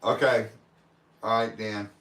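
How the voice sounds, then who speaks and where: A man's voice: lowish voice, fairly even intonation, slow, fairly bright tone, far from the mic. A man hosting a live auction stream, calling out bids and chatting in a casual, joking way. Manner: chatty, calls bids and jokes. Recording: echoey room, a bit off-mic.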